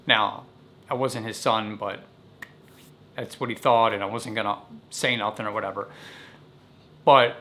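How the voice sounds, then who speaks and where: A man casually recounting a childhood story in an animated, vivid way. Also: mid-range voice, a little slow, long pauses.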